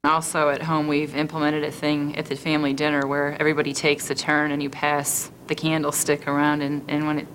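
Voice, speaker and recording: A woman's voice: sits low, a bit bright, slight background noise, rough recording. A mother in an interview, describing a family dinner routine in a matter-of-fact way. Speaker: parent.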